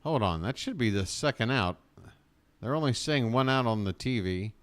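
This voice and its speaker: A man calling a baseball game live for his own stream, in a mid-range voice. He moves between steady play-by-play and animated, joking rants. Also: medium pitch, normal speed. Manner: animated, ranting, joking asides. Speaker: fan streamer doing play-by-play. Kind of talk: live fan play-by-play commentary.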